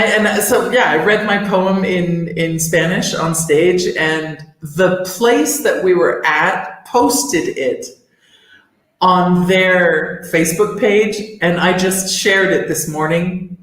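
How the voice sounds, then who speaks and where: Woman co-host, unhurried and rambling, heavy room echo. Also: lowish voice. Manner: rambling, many restarts and fillers. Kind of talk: casual chat. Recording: very echoey room.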